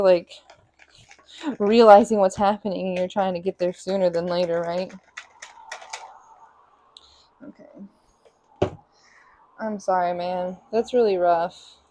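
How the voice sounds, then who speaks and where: A woman streaming from her home kitchen, talking loosely while she cooks breakfast. She chats with viewers in an easygoing way and now and then calls out to her cats. Her voice sits at an ordinary middle pitch. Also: gravelly, dark tone. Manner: chatty, talks to her cats in a high sing-song baby voice. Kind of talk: casual cooking stream chat.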